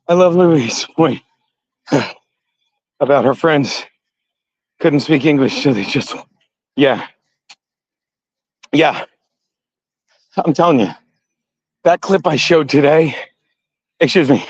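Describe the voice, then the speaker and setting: A middle-aged man talks casually to a livestream chat, wandering from point to point and laughing at his own jokes. His voice sits a little high for a man, and the sound is dry and slightly dull, like lo-fi home streaming audio. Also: dry recording. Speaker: comedian livestream host. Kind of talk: casual chat to a live chat while jump roping.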